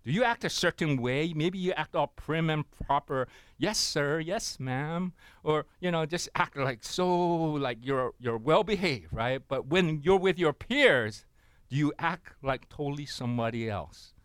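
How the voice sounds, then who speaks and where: A man's voice: on the high side, animated, normal speed, fairly bright tone, no room sound, studio quality. A man preaching a sermon, telling a story and often asking his listeners "right?" and "amen?". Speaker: pastor.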